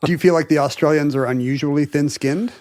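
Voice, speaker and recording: A man co-hosting a podcast, reading the intro and joking with wry, deadpan humor. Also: on the high side, fast, no room sound, clean studio sound. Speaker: podcast co-host. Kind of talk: casual chat and scripted intro.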